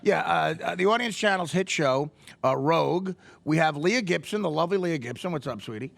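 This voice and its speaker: A man's voice: fairly high pitch, animated, brisk, vocal fry, a bit bright. A man hosting a talk show in casual chat, teasing and rowdy, often stumbling and restarting.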